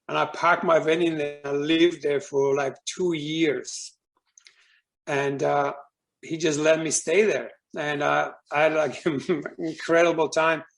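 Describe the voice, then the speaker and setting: Guy w a gravelly voice, pitched a bit high, talking openly about his spiritual journey, laughs a lot. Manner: candid storytelling, laughs often, swears. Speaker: guest speaker. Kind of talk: casual spiritual testimony.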